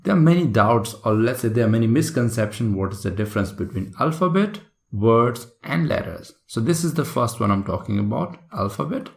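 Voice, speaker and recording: Gravelly man teaching, echoey room. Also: mid-range voice, lively intonation, fairly quick, few pauses. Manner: chatty, frequent tag questions like "right?" and "okay?". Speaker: IELTS instructor. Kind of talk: recorded online lesson.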